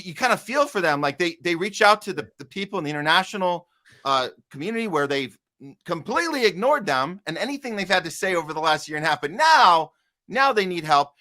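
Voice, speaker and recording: A man's voice: a little high, sharp tone. A man hosting a political podcast, talking in a loose, rambling way with lots of fillers and reading out headlines. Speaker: podcast host. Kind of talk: casual political commentary.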